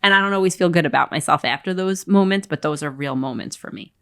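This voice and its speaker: A woman co-hosting a podcast, talking in a casual, animated way about faith and trust, often acting out quoted dialogue. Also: sits low, fast talker. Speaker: podcast co-host.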